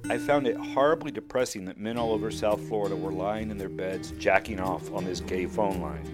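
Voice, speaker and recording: A man telling a personal story in the first person, with wry, mocking asides, over a soft music bed. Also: lowish voice, normal speed, hardly any pauses.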